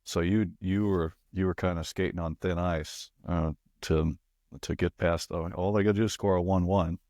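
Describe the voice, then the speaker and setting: A man hosting a casual podcast interview who speaks in halting, short broken phrases. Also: sits low, steady tone, a little mellow, no room sound, studio quality. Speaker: podcast host.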